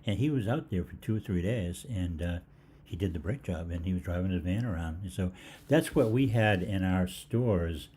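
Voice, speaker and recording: A man's voice: deep voice, normal speed, warm tone, slight background noise. An older man hosting a live health Q&A, telling rambling stories with lots of fillers and restarts. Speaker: holistic health host. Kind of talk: live Q&A storytelling.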